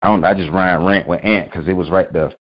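A man's voice: low-pitched, steady tone, brisk. A man hosting a weekly sports rant, reading news aloud and bluntly cursing. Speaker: vlog host. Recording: dull lo-fi recording.

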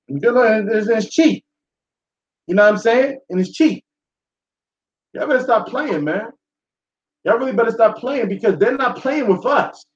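A man hosting a talk show, delivering a blunt, profane, preachy monologue to his listeners. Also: sits high. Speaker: show host. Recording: echoey room, dull sound.

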